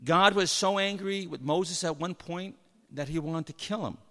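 A man preaching a sermon, telling Bible stories with lively energy and acting out the people in them. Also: sits high, moderate pace. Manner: animated storytelling, acts out Bible figures. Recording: long hall reverb.

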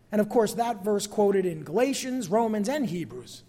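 A man preaching a sermon as pastor, expressive and calling out to his congregation for amens. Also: high voice, normal speed, hardly any pauses, in a large hall.

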